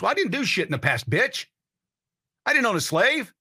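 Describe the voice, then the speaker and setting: Animated ranting male commentator. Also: high-pitched, normal speed, husky. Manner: ranting, heated, blunt and profane. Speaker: host. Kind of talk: political commentary monologue.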